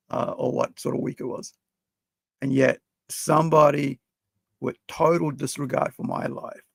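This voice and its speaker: Guy with a real gravelly raspy voice, rambling through a story with lots of "like, you know". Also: mid-range voice, dry recording. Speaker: podcast co-host. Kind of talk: emotional personal storytelling.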